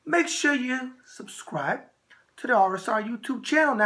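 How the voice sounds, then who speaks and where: A man's voice: extremely high pitch, normal speed, creaky, bright, forceful tone. A man from Michigan hosting a boxing mailbag show from home, reading viewer questions and giving brash, opinionated takes with a repeated catchphrase. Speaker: host.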